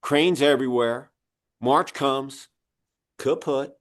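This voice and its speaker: A magazine publisher in his sixties hosts a business podcast, slowly telling rambling stories full of fillers in a casual interview format. His voice is medium in pitch.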